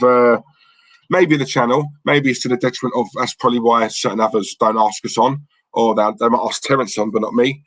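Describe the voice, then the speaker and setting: A man hosts a live stream, chatting bluntly and rambling as he reads out viewer messages. His voice is mid-range, and the recording is dry and low in quality.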